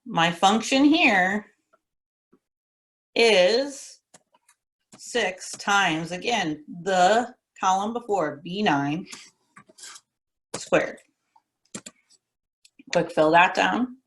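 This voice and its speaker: This woman's mid-range voice is fairly bright, with lively intonation, drawn-out words and long pauses. In a recorded classroom lecture, she works through formulas step by step, casually repeating the important parts like an instructor.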